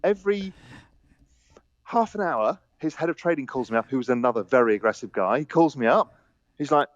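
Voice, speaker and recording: A man telling stories on a podcast as a guest, animated, laughing, quoting the people in them. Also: mid-range voice, a little fast, dry recording, highs cut off. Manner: animated anecdotes with laughter and quoted dialogue. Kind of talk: casual storytelling.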